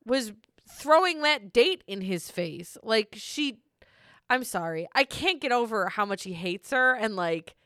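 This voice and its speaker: Bright, smooth-voiced young woman chatting. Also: fairly high pitch, lively intonation, a little slow, no echo, clean studio sound. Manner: chatty, giggly, frequent likes. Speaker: podcast host recapping a reality show. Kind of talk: casual chat.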